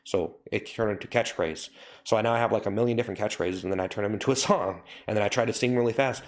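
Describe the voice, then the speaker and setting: A man's voice: fairly low pitch, fast talker. A young man chatting casually on a livestream, rambling and correcting himself, with lots of fillers. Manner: rambling, self-correcting, says "like" and "you know" a lot. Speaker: livestream host. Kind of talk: casual livestream chat with viewers.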